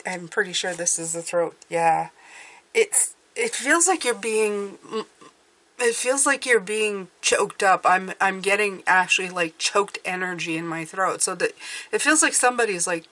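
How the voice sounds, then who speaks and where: A woman's voice: medium pitch, sharp tone. A woman giving a casual tarot reading, chatty and often restarting her words. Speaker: tarot reader.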